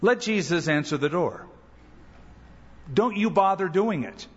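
A man preaching a sermon as pastor, animated, acting out quoted voices. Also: a little slow, slightly rough. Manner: animated, acts out quoted voices with rising pitch. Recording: dull church recording with long reverb.

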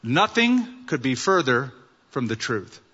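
A man's voice: mid-range voice, sing-song, slow pace, sharp tone, breathy edge. A male pastor preaching a sermon, earnest and story-telling, using rhetorical questions. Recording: dull sound with long hall reverb.

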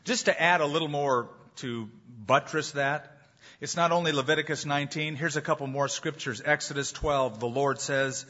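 A man preaching an animated, emphatic sermon as pastor, with jokes along the way. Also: fairly high pitch, normal speed. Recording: dull lo-fi sound.

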